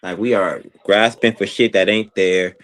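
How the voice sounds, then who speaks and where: Blunt low-voiced man on a panel. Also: fairly even intonation, moderate pace, fairly bright tone. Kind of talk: heated panel argument.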